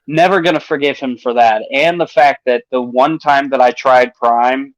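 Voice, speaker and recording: A man's voice: medium pitch, fairly even intonation, normal speed, no room sound. A man co-hosting a podcast, speaking bluntly and swearing in casual chat. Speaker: podcast co-host. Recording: dull lo-fi mic.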